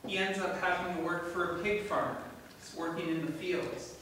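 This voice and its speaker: A man's voice: high-pitched, fairly even intonation, normal speed, a bit bright, slight background noise. A man preaching a sermon in a church, telling a story with animation and asking the congregation questions. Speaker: pastor. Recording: echoey room from far off.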